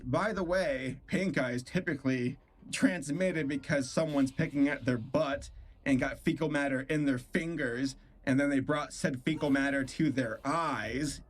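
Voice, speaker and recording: Animated, disgusted man reacting on stream. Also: on the high side. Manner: animated, incredulous and disgusted, laughing often. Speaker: streamer reviewing a cartoon episode. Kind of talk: casual reaction commentary.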